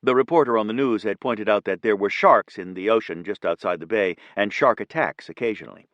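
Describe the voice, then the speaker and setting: A man narrating an audiobook in a steady, even reading. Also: lowish voice, a little fast, hardly any pauses, dry recording, highs cut off. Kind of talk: scripted narration.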